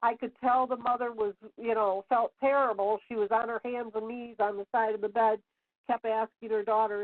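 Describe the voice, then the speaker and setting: Middle aged lady ranting on her radio show, kinda high voice, sounds like a tinny phone line. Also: steady tone, moderate pace. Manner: emphatic, rambling with many fillers and restarts. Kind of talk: solo rant on internet radio.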